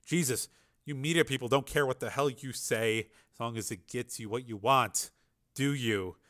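A man's voice: mid-range voice, normal speed, natural voice. Man playing a furious, snapping official. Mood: scornful. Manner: snapping, scornful, shouting. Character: angry, domineering middle-aged male official.

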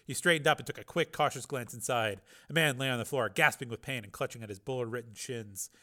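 A man reading a crime novel aloud, lively, with small slips and corrections. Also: mid-range voice, quick pace. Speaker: reader.

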